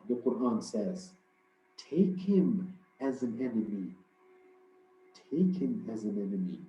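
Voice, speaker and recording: Man giving a relaxed religious lecture. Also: a little high. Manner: conversational storytelling with frequent fillers. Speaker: religious speaker. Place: religious hall. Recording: roomy, dull lo-fi hall recording.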